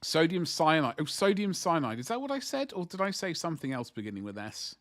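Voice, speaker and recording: A man's voice: a little high, very animated, brisk, fairly bright tone. Chatty man streaming while painting. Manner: rambling, chatty, joking asides to viewers. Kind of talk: casual livestream chat.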